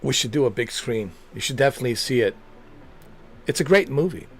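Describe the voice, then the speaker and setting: A man's voice: medium pitch, lively intonation, fairly quick, a little hiss or hum. A man streaming a game, chatting casually and rambling with lots of jokes and laughter. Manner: rambling, joking, laughs often. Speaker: gaming streamer.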